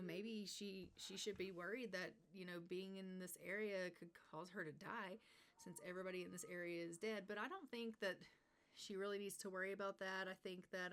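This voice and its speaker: A woman hosting a gaming channel, narrating a life-sim game in a chatty, excitable way and laughing often. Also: on the low side, slight background noise. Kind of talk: let's play narration.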